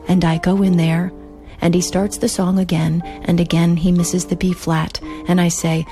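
Middle-aged woman host reading her own story; wry, dry, slightly low, over music. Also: level tone, moderate pace.

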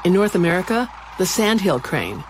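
Woman narrating over loud bird calls. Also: fairly low pitch, very animated, normal speed, very noisy. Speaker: radio program host. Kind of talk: scripted nature narration.

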